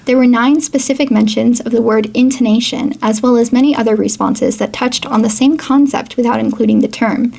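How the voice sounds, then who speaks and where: A woman narrates a casual educational vlog, chatting as she reads quotes aloud, comments on them, and laughs now and then. Her voice is slightly high, steady, and darkish in tone, creaky and a little fast, with hardly any pauses.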